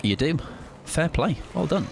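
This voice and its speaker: A man's voice: fairly high pitch, expressive, unhurried, creaky, a little hiss or hum. A man streaming a game live, chatting with his viewers in a casual, jokey way. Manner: chatty, jokey, reads chat aloud. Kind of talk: casual live-stream chat while gaming.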